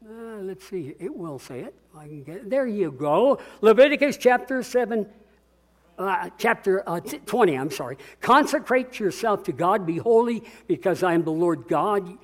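An older man preaching a sermon as pastor, earnest and swinging between quiet reflection and rousing call-and-response. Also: high-pitched, animated, moderate pace.

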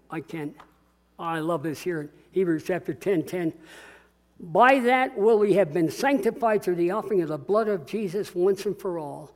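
An older man with a high voice preaches a sermon as a pastor, earnestly moving between quiet reflection and rousing call-and-response.

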